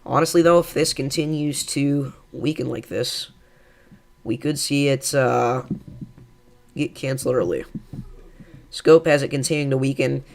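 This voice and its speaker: Gravelly-voiced man calmly covering live storms. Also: medium pitch, measured pace, pauses often. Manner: calm, reassuring, thinking aloud with fillers. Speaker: weather livestream host. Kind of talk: live severe weather commentary.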